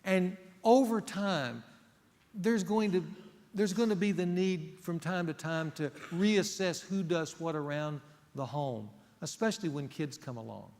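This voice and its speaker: A male pastor preaching an earnest, emphatic sermon that moves between loud stresses and hushed asides. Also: a little high, measured pace. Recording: long reverb of a church hall.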